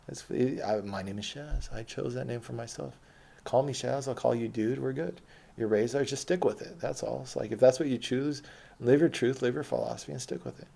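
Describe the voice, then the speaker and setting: A man's voice: mid-range voice, fairly quick, creaky, dark tone. A man reads his old posts aloud and comments on them in a rambling, blunt and profane way. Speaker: former protester recounting his past.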